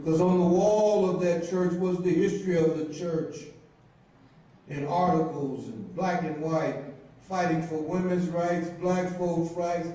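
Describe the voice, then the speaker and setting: A man's voice: on the high side, dark tone. A middle-aged man, from Mississippi, telling a humorous personal testimony to a congregation as an intern minister. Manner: humorous storytelling, drawn-out phrasing. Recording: echoey hall from far off.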